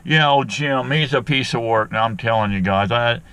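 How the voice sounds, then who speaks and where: In a relaxed vlog, a middle-aged man who keeps bees and films outdoors talks in a homespun, wandering style, sore-armed after a shot and exasperated on the phone. His medium-pitched voice is clear, resonant, bright, and pushed, at a moderate pace.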